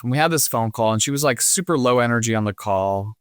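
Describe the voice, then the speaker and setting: A young man chatting as a podcast guest, teasing and upbeat, telling stories with quick jokes. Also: mid-range voice, animated, clean tone, dry recording, clean studio sound. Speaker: guest attorney. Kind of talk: casual chat.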